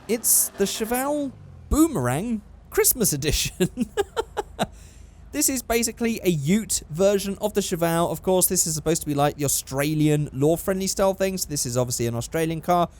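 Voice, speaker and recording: A man's voice: sits high, animated, normal speed, darkish tone. A young man giving casual, upbeat gameplay commentary, chatting and thinking aloud as he plays. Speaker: gaming YouTuber.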